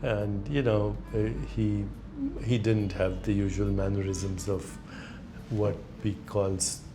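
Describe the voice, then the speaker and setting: An older man with an Indian accent, speaking in a measured, reflective way as a guest, slowing down on key words and telling anecdotes. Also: fairly low pitch, level tone, over music. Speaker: guest, spiritual author.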